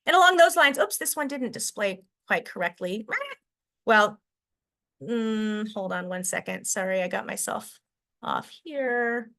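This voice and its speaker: A woman's voice: mid-range voice, expressive, a little slow, gravelly, fairly bright tone. A woman teacher from Washington State giving a conference talk on language in classrooms, chatty and thinking aloud with fillers and restarts. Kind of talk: conference presentation.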